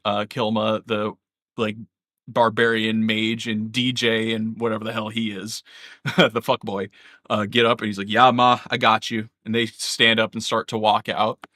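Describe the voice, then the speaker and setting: A man's voice: lowish voice, flat delivery, unhurried, bright, forceful tone, no room sound, clean studio sound. A man narrating a live tabletop game as dungeon master, casual and profane, full of fillers.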